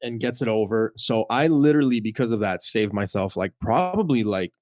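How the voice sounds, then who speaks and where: A man's voice: fairly low pitch, fairly quick, no room sound. A man, a guest on a studio podcast, telling a long personal story in casual chat, full of "like" and acted-out quotes. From Canada. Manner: animated storyteller, fills speech with "like", acts out quoted lines. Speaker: podcast guest, comic collector.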